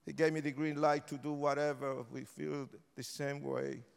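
Preaching an altar call in a big church, a man uses a slightly high, resonant, smooth voice with vocal fry, a flat delivery, and normal speed. He moves between shouted declarations and quiet, pleading lines, and each one lingers in the hall's long reverb.

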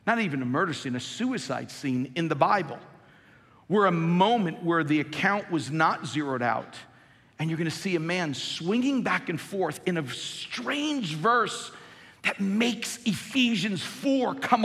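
A man in his fifties leads a sermon from the pulpit in a big reverberant hall. His voice sits high and bright, and he shifts between forceful, rising emphasis and soft, low storytelling. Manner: emphatic preaching, swinging from loud peaks to low quiet storytelling. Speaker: pastor.

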